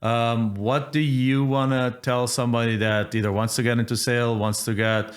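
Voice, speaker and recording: A man's voice: mid-range voice, level tone, normal speed. Casting: man as podcast host, casual storytelling, loose and full of restarts. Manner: storytelling with restarts, acts out phone calls. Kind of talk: casual interview chat.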